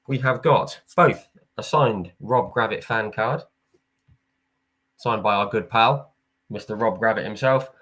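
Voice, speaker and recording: A man's voice: mid-range voice, fairly bright tone. A man from England hosting a charity prize draw live from home, chatty and upbeat, often stopping and restarting. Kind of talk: casual livestream chat.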